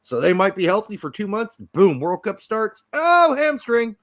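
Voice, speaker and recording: A man's voice: high voice, animated, normal speed. A young adult man co-hosting a sports podcast, talking casually in a jokey, rambling way. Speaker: podcast co-host.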